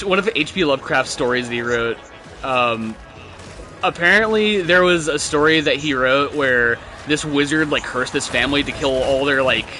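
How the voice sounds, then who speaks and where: A man's voice: a little high, background noise. A young man, telling rambling, profane stories while gaming with friends. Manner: rambling, profane storytelling with laughs. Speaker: gamer chatting with friends. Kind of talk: casual gaming chat.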